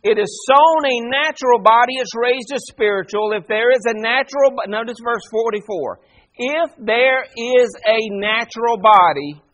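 A pastor preaching a sermon, animated and full of rhetorical questions to the congregation. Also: male voice, high-pitched.

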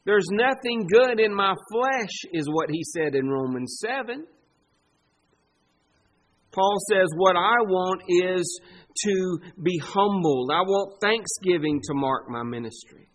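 A man preaching a sermon as pastor, slow and emphatic, drawing out the words he stresses. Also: high-pitched, lively intonation.

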